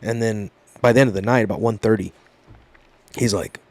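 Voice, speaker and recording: A man's voice: on the low side, brisk, dry recording. A man in his thirties, a podcast guest telling a story casually, swearing often and acting out the quotes. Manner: profane, animated storytelling with voiced quotes.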